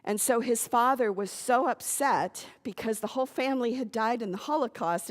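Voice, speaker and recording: A woman's voice: fairly high pitch, normal speed, few pauses. Woman minister telling a sermon story. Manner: conversational, animated retelling with asides. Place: church sanctuary. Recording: long reverb of a church hall.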